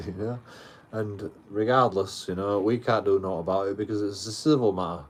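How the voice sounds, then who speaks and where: Low-voiced rambling man. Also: fairly even intonation, moderate pace, slight background noise. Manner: rambling, heavy swearing, frequent restarts. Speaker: livestreamer. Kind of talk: casual storytelling. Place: outdoors.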